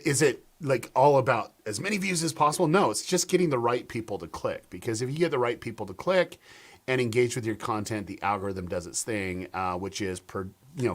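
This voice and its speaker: Animated low-voiced man on a live call. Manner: animated storyteller, many fillers and restarts. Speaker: guest YouTube strategist. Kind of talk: live stream discussion.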